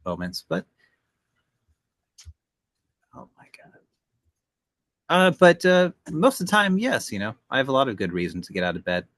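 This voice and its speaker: A man co-hosting a podcast, speaking hesitantly and reflectively with many pauses and fillers. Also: mid-range voice, very animated, a bit bright, no echo. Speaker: podcast co-host. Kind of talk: casual podcast chat.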